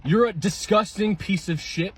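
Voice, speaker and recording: A man yelling a furious, profane rant into his phone from inside a car in the rain. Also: sits high, normal speed, slightly rough. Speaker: ranting clip poster.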